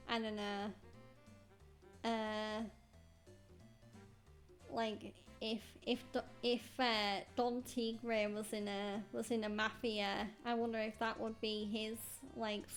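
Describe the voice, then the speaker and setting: Young woman game streamer, unhurried rambling chat, higher voice, faint game music. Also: little pitch movement. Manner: chatty, rambling with fillers. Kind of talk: casual game commentary.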